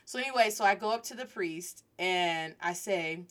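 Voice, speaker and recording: A woman hosting a Spanish lesson, telling a lively story and drawing out key words for emphasis. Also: fairly low pitch, normal speed, slight background noise. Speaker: Spanish teacher and host.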